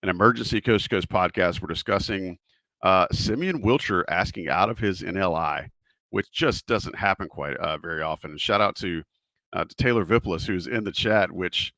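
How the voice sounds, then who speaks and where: A man's voice: low voice, moderate pace, pushed and bright, no room sound. A man hosting a podcast in an easygoing way, asking loose open questions. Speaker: podcast host. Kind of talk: casual podcast chat.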